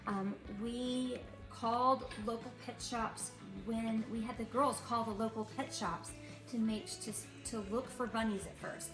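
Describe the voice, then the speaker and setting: A middle-aged woman and mother telling a lively story in a casual vlog, repeating herself for effect. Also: fairly high pitch, measured pace, roomy sound, over music, poor audio. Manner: animated, repetitive storytelling. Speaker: mother and animal vlogger.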